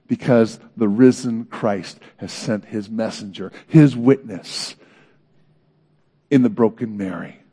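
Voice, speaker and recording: A man preaching a sermon in an earnest, dramatic way, swinging between loud emphasis and hushed moments. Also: fairly low pitch. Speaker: pastor.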